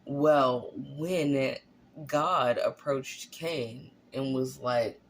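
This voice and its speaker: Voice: mid-range voice, very slow, gravelly, slight background noise. Blunt, profane vlogger firing rhetorical questions. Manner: animated, often tagging lines with "right?" and "okay?". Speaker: vlogger on narcissistic abuse. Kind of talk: casual monologue.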